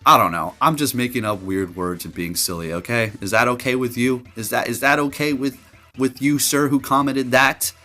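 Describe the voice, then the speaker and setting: A man giving casual, jokey commentary over his gameplay, getting loud and excited and laughing at his own jokes. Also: medium pitch, moderate pace, soft background music. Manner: animated, jokey, excitable, trash-talking. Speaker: gaming commentator.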